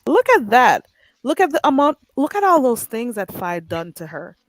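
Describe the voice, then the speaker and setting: A woman hosting a live stream, chatting casually and gossiping while reading out viewer comments, often stretching out "ooh". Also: on the high side. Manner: animated and gossipy, with frequent drawn-out "ooh"s.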